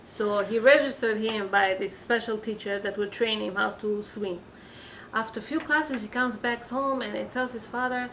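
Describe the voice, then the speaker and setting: Woman teacher, slightly high voice, halting earnest advice full of fillers, faint background hiss. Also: fairly bright tone, rough recording. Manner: halting, with many fillers and restarts; earnest, advising listeners. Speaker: religious teacher giving a weekly class. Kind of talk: informal Torah class.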